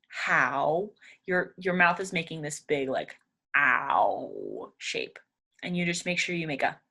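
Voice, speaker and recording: A woman's voice: fairly low pitch, a bit bright. A young woman teaching English pronunciation, patiently repeating each word aloud several times. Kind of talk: pronunciation lesson.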